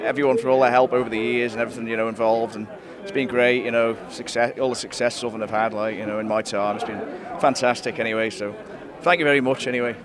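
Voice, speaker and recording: Hoarse young man, halting, in a crowd. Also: medium pitch, steady tone. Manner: halting, modest, many restarts. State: losing his voice. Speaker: young farmers club performer. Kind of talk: casual chat.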